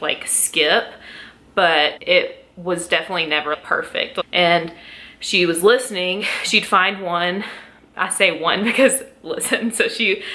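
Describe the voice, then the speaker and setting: A woman's voice: on the low side, pushed and bright. A young adult woman telling a pregnancy story at home in a casual vlog, emotional and close to tears, laughing between lines. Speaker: vlogger.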